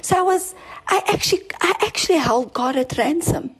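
On a rough recording, a woman with a high-pitched voice and lively intonation speaks at a normal pace, preaching a sermon drawn from her personal story. Her delivery is earnest and repetitive, marked by restarts and emphasis that keeps rising.

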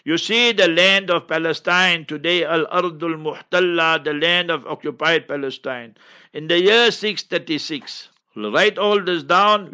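An emphatic male mufti answers questions in a lecturing tone, hammering home each point. His voice is bright and forceful and sits a little high. The recording sounds dull and lo-fi. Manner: emphatic, instructive, repeats key points. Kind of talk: radio Q&A lecture.

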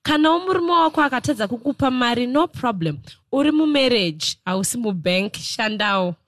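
A woman's voice: fairly high pitch, lively intonation, normal speed, dry recording. A woman co-hosting a casual podcast chat, playful and teasing, laughing often. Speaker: co-host.

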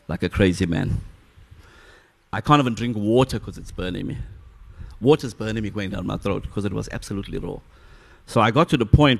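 A middle-aged South African man telling his life story in a conversational sermon, bursting loud and high, then dropping low, and repeating phrases for emphasis. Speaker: preacher giving testimony.

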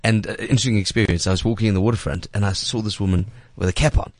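A male chat show host who talks excitably and stammers through restarts while coaxing his guest. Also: fairly low pitch, rapid-fire, no room sound. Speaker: radio host.

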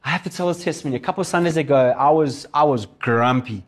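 A pastor delivers a storytelling sermon, his fairly high voice moving at a quick pace as he animatedly tells stories and acts out the voices of the people in them.

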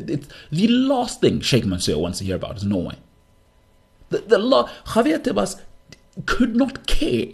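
A man hosting a sports podcast, ranting his opinions with rhetorical questions and quick asides. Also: medium pitch, darkish tone, slightly rough. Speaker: podcast host.

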